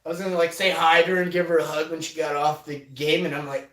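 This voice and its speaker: A man in his forties hosting a livestream, telling a story in a casual, animated way and breaking into loud excited shouting. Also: on the high side, fast talker, few pauses, recorded from a distance. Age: 40s. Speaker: livestream host. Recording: roomy sound, off-mic.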